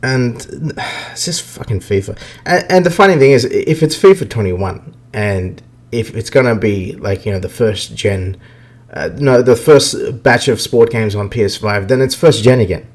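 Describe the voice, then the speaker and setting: A man holds forth on video games in a loose, off-the-cuff podcast rant. He swears constantly and speaks bluntly, at an ordinary middle pitch for a man. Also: unhurried. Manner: profane, blunt, ranting. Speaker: podcast host. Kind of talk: casual gaming rant.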